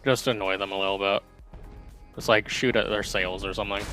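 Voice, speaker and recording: A man's voice: fairly low pitch, steady tone, measured pace, long pauses, fairly bright tone. Chatty male streamer over game music. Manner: chatty, rambling, self-deprecating. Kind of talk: casual gameplay commentary.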